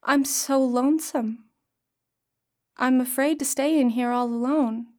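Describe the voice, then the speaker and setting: A woman's voice: sits high, steady tone, unhurried. A woman reading the lines of a vain, hot-tempered young woman in a storybook tale. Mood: frightened, pleading. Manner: sharp, scornful, then pleading.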